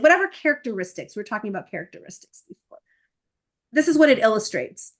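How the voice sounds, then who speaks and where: This middle-aged woman, an essay coach, walks through her process in an interview, lively and acting out quoted emails and parents. Her pitch is fairly high and she talks fast.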